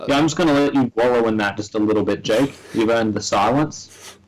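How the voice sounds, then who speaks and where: A man co-hosting a comedy radio show, teasing with dry deadpan remarks. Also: mid-range voice, brisk, poor audio. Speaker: radio co-host. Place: community radio studio.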